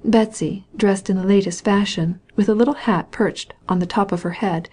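A woman narrating a classic novel with a measured, steady reading. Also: mid-range voice, slightly rough. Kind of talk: scripted audiobook narration.

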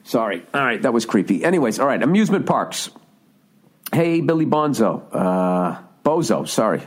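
A man's voice: mid-range voice, sing-song, normal speed, slightly rough. A middle-aged man hosting a podcast, riffing through a profane, comic monologue and often stopping to correct himself. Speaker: podcast host. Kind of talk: rambling comedic monologue.

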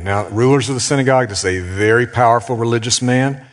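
Deep-voiced pastor preaching in a reverberant hall. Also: male voice. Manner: earnest, slow and emphatic with dramatic pauses. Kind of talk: sermon.

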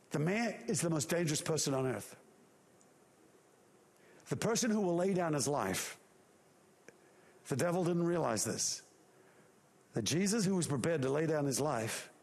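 A man preaching a sermon, telling a story with animated, acted-out voices and sound effects. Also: medium pitch, in a large hall.

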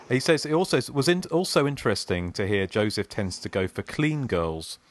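A man's voice: fairly low pitch, big pitch swings, normal speed. A man hosting a podcast, chatting casually and reading listener emails aloud. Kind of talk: casual chat.

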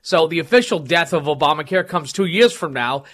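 High-voiced rambling talk radio host man. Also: lively intonation, a little fast, fairly bright tone. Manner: rambling, many fillers and restarts. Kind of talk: political call-in radio talk. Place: radio studio.

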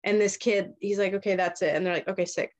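Medium pitch and fairly even intonation mark this young woman's voice as she retells a story on her podcast. It's casual, profane chat, with brief, quick-voiced impressions of the people involved.

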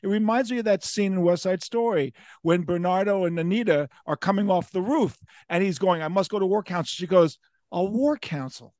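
A man's voice: sits high, brisk, few pauses, a little mellow, dry recording, clean studio sound. A man hosting a casual interview, asking long, winding questions of a longtime friend. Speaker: podcast host.

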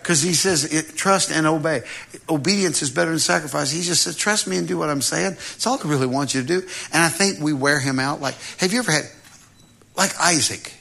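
A male preacher with a bright, clear, somewhat high voice delivers a sermon. He's animated and funny, slipping quick acted-out voices in as he goes.

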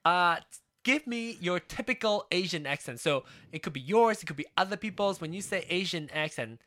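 A podcast co-host in casual chat, talking in a rambling, halting way with many restarts and trailing asides. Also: mid-range voice, lively intonation, fairly bright tone, no echo.

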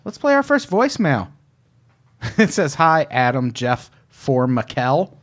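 A man's voice: medium pitch, big pitch swings, measured pace, fairly bright tone. A man hosting a casual podcast chat, wry and joking, swearing freely. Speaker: podcast host.

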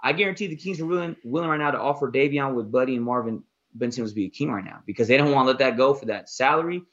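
Fast-talking husky man on sports. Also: medium pitch, a bit bright, muffled recording. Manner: rapid, emphatic, repeats "most importantly". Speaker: podcast co-host, basketball analyst. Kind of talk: casual sports talk.

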